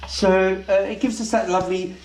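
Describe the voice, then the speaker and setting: A man's voice: sits high, flat delivery, moderate pace, background noise. A man playing a posh housewife who hosts a comic cooking show in a home kitchen, calling everyone darling in an affected voice. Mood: posh chatty. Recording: roomy kitchen echo.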